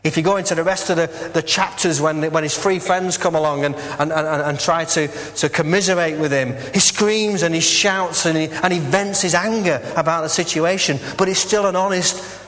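A man's voice: a little high, normal speed, few pauses, a bit bright, big-room sound. A man preaching a conversational sermon as minister, earnest and candid, with frequent filler words. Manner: earnest and candid, with many "uh" and "you know" fillers. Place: church.

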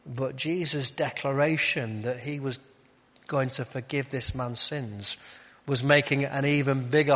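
Man preaching in a reverberant hall. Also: medium pitch. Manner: conversational, rhetorical questions, drops to quiet emphasis. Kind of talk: sermon.

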